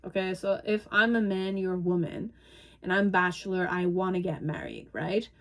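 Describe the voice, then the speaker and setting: A woman's voice: on the low side, moderate pace. Rambling, amused woman reading tarot. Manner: speaks in first person as the person the cards describe; loose and rambling, with frequent hesitations and self-corrections. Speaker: tarot reader. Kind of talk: casual spoken tarot reading.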